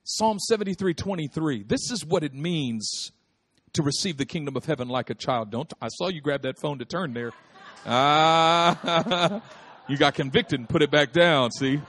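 A man preaching a lively, humorous sermon, repeating phrases for emphasis and calling out to his listeners. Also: fairly high pitch, moderate pace. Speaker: pastor.

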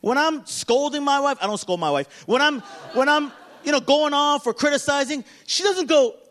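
A man, a pastor, preaching an animated sermon that swings from loud, emphatic passages to hushed, quiet ones. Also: very high voice, normal speed.

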